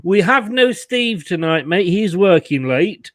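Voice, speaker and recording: A man's voice: sits high, expressive, measured pace, dry recording. A man hosting a casual football fan show, jokey and teasing, laughing often. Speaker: host.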